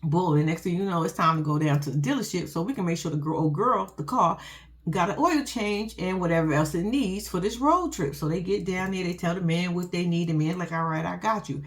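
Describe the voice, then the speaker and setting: A woman recapping a show in casual chat. She is profane and animated and keeps turning to talk straight to her viewers. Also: on the low side, brisk.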